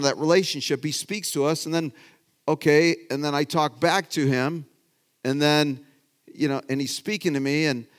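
A middle-aged man preaching a casual, conversational sermon as a pastor. He talks in a folksy, rambling way, restarting his sentences and moving between loud emphasis and quiet asides. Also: mid-range voice.

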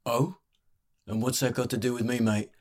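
A man's voice: mid-range voice, steady tone, moderate pace, darkish tone, close to an everyday voice. A man voicing a weary, pot-bellied old barkeep who talks in a growling, slangy, wheedling way.

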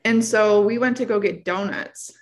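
A woman's voice: medium pitch, normal speed. A young woman and mom casually telling a story, acting out quotes with lots of "like". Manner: animated storyteller, acts out quotes, many "like"s. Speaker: mom sharing her birth story. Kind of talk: casual chat.

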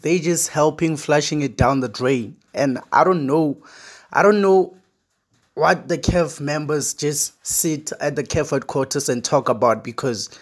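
A South African man hosting a football podcast alone, ranting in a frustrated, slangy way with lots of repeated words. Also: fairly high pitch. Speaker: podcast host. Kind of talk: casual solo podcast rant.

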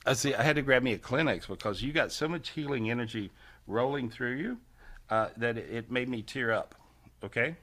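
A man's voice: mid-range voice, a little fast. A man hosting a live spiritual healing call-in over a video call, folksy and repetitive, laughing often. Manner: warm, folksy, repeats phrases, laughs often. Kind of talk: casual live call-in session.

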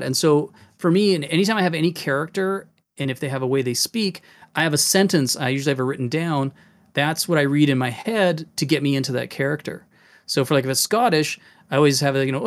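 Casual podcast host, game master, animated, slightly high voice. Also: male voice, quick pace. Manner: animated, demonstrative, jumps into voices.

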